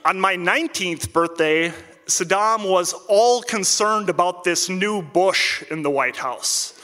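A man from central Minnesota, telling a personal story to an audience with a wry, deadpan comic delivery. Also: high-pitched, slow pace, long reverb tail. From central Minnesota, United States.

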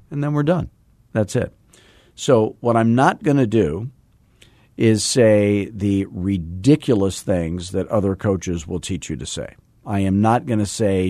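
A fast-talking man coaching salespeople in a loose, joking podcast style. His voice sits on the low side and sounds close and dry, with no room behind it. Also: dark tone, dry recording. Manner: fast-talking, admits talking too fast; jokey and self-deprecating while instructing. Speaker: real estate sales coach and host. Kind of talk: casual podcast teaching.

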